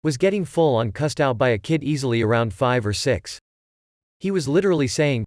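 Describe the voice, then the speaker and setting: A man reads Reddit posts aloud in a flat, even voice. He spells out abbreviations one letter at a time. The recording is dry and close, with no room sound. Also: mid-range voice, a little fast, no room sound. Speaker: narrator.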